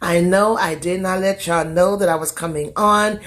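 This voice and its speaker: A woman's voice: lowish voice, steady tone, normal speed, a bit bright. A woman hosting a casual livestream from her phone, her voice going from a cold, singing greetings and chatting in a rambling way. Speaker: live stream host. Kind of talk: casual live stream chat.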